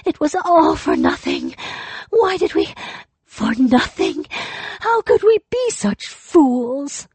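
A woman's voice: huge pitch swings, slow pace, darkish tone, no room sound, full character voice. A woman voicing a despairing farmer woman who moans and wails in anguish. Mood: anguished wailing. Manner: wailing, high and anguished.

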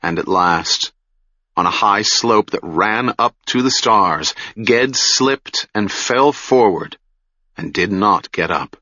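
A man reading a fantasy novel aloud in a measured, solemn manner, recorded close on a dry mic with a dull lo-fi sound. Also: lowish voice, lively intonation, sharp tone, no room sound. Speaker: audiobook narrator. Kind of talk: scripted fantasy narration.

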